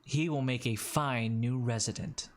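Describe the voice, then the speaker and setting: A man voicing an eerie chorus of spectral beings who speak slowly and ominously. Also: medium pitch, fairly even intonation, natural voice.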